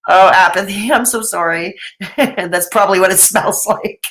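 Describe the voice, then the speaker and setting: A woman's voice: mid-range voice, normal speed, fairly bright tone. Woman host, live-stream chat reader, wry and talkative, mid-range voice. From Canada. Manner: sarcastic, chatty, laughs often. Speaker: commentary livestream host.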